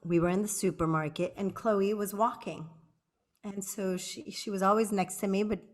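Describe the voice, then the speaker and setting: A woman's voice: mid-range voice, fairly even intonation, normal speed. A woman with a mid-range voice talks on a podcast. She chats easily, shares her own story, and laughs along with her co-host. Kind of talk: casual chat, storytelling.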